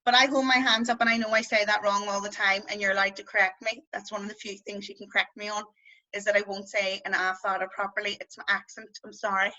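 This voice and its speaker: A woman's voice: medium pitch, flat delivery, fast, pushed and bright, lo-fi sound. A woman with a West Belfast accent teaching a beginners' language class over a video call, chatty and playful, drawing out vowel sounds to demonstrate them. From Northern Ireland.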